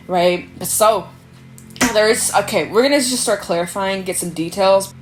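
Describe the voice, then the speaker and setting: A woman's voice: medium pitch, moderate pace. Chatty woman giving a tarot reading. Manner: chatty, animated, swears freely, acts out quoted voices. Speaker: tarot reader. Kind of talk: casual tarot reading monologue. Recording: faint background music.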